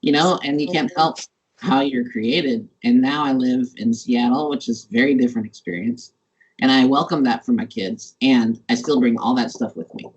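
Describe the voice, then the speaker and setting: A man from Montana hosting a podcast, talking casually and haltingly as he searches for words. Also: mid-range voice, highs cut off. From Montana, USA. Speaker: podcast host. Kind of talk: casual interview conversation.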